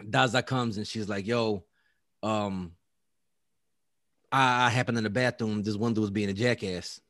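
A man's voice: on the low side, steady tone, a little slow, a bit bright, no room sound, studio quality. A man casually telling a story, acting out quotes, laughing often and swearing.

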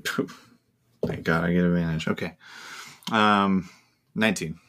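A man's voice: deep voice, fairly even intonation, measured pace, fairly bright tone. A man playing a tabletop game, laid-back and joking. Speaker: player. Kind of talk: casual play chat.

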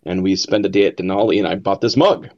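A man's voice: low-pitched, quick pace, a little mellow. A man in a casual online chat, telling stories in an easygoing, chatty way. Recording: dull lo-fi mic.

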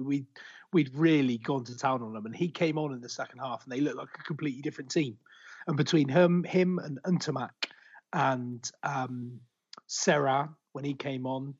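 A man's voice: mid-range voice, slightly rough. A man chatting about rugby on a podcast, rambling and self-deprecating. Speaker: podcast co-host. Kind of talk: casual sports chat. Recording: dull lo-fi sound.

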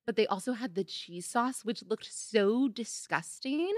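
A woman's voice: on the high side, lively intonation, no echo. A woman guest in a podcast studio, chatting casually and laughing often. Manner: giggly, quick to laugh. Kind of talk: casual chat.

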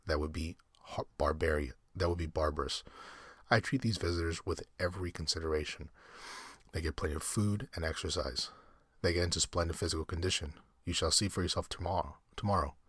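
A man with a very deep, husky voice reading the part of a cultured, cruel aristocratic general who hunts men, speaking in a suave, pleasant, mocking way. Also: a little fast, fairly bright tone, no room sound, studio quality. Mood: pleasantly smug.

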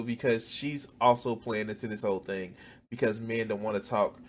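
A man's voice: lowish voice, steady tone, normal speed. A man hosting a reaction video, reacting with heavy swearing, laughter and exclamations. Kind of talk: profane reaction commentary.

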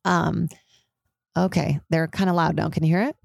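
Her voice is deep, steady, creaky and somewhat dark, at a normal pace, captured dry. She's a young woman hosting a casual solo podcast, meandering and cursing with constant "like" fillers, while sirens wail from the street below her high-rise apartment.

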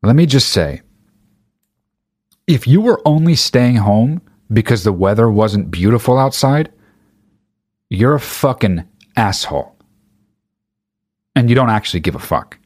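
A man's voice: mid-range voice, expressive, unhurried, pauses often, darkish tone, no echo, studio quality. A man delivering an exasperated, profane comedic rant, swearing constantly and speeding up as he gets angrier.

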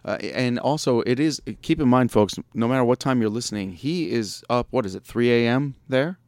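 Picture a man with an ordinary middle-pitched voice, recorded close and dry with no room sound. He hosts a loose radio chat, cracking jokes and chuckling between his rambling questions. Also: moderate pace, a little mellow, no echo. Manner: joking, laughs often, loose rambling delivery. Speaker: radio show host. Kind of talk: casual podcast interview.

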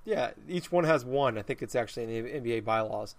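A man's voice: medium pitch, animated, quick pace. A man hosting a casual chat, rambling through an explanation with lots of false starts and restarts.

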